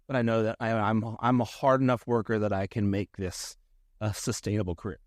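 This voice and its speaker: A man's voice: lowish voice, steady tone, brisk, dry recording, clean studio sound. A middle-aged man, a guest comedian, chatting casually on a podcast in a rambling, self-deprecating way, restarting his sentences often.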